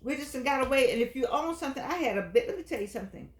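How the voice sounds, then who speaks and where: With a high-pitched, expressive voice and rapid-fire delivery, an older woman hosts a senior-life show in a roomy-sounding space. She talks earnestly and chattily, stressing points like a preacher while reading from a book in a casual motivational talk.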